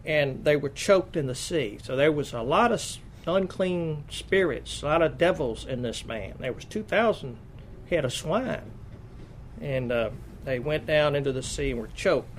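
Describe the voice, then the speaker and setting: A man's voice: on the high side, expressive, unhurried, a little hiss or hum. A man preaching a sermon, reading scripture aloud and stopping to explain it in plain asides. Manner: reads King James verses then explains them in plain asides.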